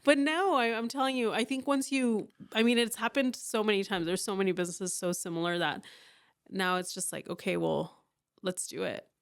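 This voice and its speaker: A woman around forty, a business owner talking candidly in a casual interview and acting out her own thoughts in quick asides. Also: on the high side, clean tone. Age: about 40.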